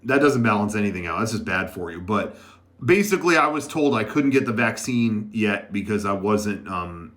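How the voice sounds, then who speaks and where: Here a man with a lowish, slightly bright voice and lively intonation speaks at a moderate pace. As host of a casual livestream set in an editing room, he chats rambling-style with his viewers, using lots of fillers and restarts.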